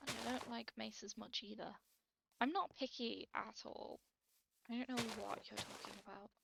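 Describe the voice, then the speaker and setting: A woman's voice: medium pitch, creaky, fairly bright tone, a little hiss or hum, poor audio. A British woman giving chatty, self-deprecating gameplay commentary as she plays, talking to herself. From Britain. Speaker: Let's Play creator.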